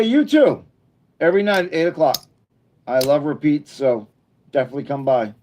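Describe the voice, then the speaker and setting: A man's voice: fairly low pitch, darkish tone. A middle-aged man hosting a casual livestream, chatting with viewers in a rambling, earnest and encouraging way, with frequent restarts. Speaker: livestream host.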